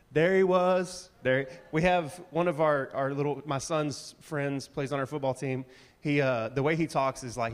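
A man preaching a casual, chatty sermon full of slang and animated asides. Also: a little high. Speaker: pastor. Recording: reverberant church hall.

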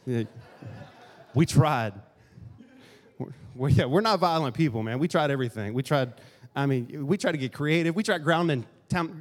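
A man preaching a casual, joking sermon and acting out grumbling asides in a church hall. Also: fairly high pitch. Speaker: pastor. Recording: long hall reverb.

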